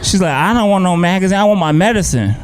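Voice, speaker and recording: A man's voice: sits high, lively intonation, fast talker. A male pharmacist doing stand-up, sassy, acting out both sides of a counter exchange. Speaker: pharmacist comedian. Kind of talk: stand-up comedy routine. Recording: live club with loud crowd and noise.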